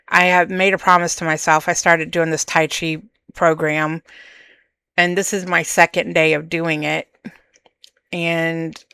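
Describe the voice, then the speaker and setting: A woman hosting a podcast, talking candidly and emotionally about her own feelings in a slow, searching monologue. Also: fairly low pitch, gravelly, a bit bright, clear, resonant tone, no room sound. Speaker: podcast host. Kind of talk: personal reflective monologue.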